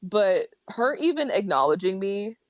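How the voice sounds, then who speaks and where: A drag king guest in a casual podcast interview, excitable and rambling, self-deprecating and quick to laugh. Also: mid-range voice, dry recording, highs cut off. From Ohio.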